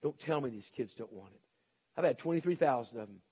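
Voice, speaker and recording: A man's voice: mid-range voice, expressive, quick pace, dark tone, slightly rough. A middle-aged man preaching a sermon in an emphatic, folksy way, hammering home his point and acting out the people he quotes. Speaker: preacher and educator.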